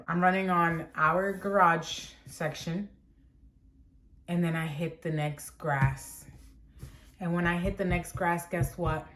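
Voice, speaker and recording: A young woman vlogger telling a casual storytime tale, animated and dramatic, peppered with "like". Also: low-pitched, a little hiss or hum. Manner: animated, dramatic, heavy use of "like". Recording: roomy echoing room.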